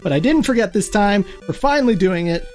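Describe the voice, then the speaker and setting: A podcast host in casual gaming chat, jokey and quick to laugh. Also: medium pitch, lively intonation, darkish tone, soft background music.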